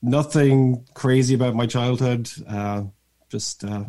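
Guest: a man with a faded Irish lilt, chatty and self-deprecating, middle pitch. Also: slow, warm tone. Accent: Irish, faded by years in America. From Ireland. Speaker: podcast guest. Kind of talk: casual interview chat.

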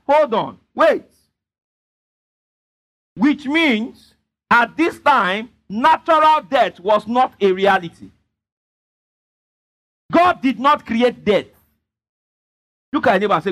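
High-voiced preacher, emphatic. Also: male voice, sing-song, slow, long pauses, fairly bright tone. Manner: emphatic, repeatedly prompting the congregation. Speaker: pastor. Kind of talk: sermon with call-and-response.

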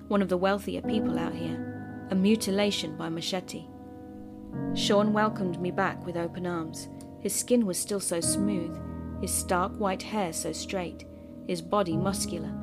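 A woman with a fairly low voice tells a first-person horror story in a measured, bitter way. Her reading is scripted and steady, and music plays behind her the whole time. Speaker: story narrator.

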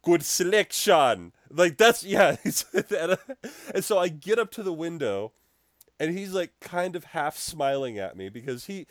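A man's voice: fairly high pitch, moderate pace, dry recording, clean studio sound. Laughing podcast guy telling a story. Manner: animated, laughing storyteller with restarts. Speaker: podcast co-host. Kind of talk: casual storytelling chat.

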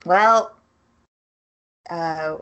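A woman's voice: lowish voice, very slow, a bit bright, lo-fi sound. A woman co-hosting a podcast, chatting casually about an anime and laughing often. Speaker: podcast co-host. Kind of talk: casual anime review chat.

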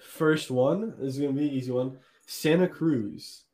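A man's voice: medium pitch, unhurried, a little mellow. Young guy cohost, chill and teasing, just chatting and running a quiz. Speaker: podcast co-host. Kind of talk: casual chat.

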